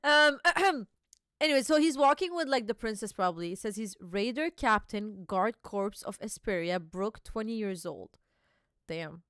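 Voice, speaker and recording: A woman's voice: medium pitch, expressive, moderate pace, fairly bright tone, smooth, no echo, studio quality. A young woman hosting a live reaction stream, chatty and giggly, reading dialogue aloud.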